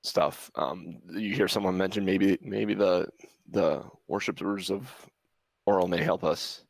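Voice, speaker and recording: A man narrating a tabletop game as game master, halting and searching for words. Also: deep voice, gravelly, no echo.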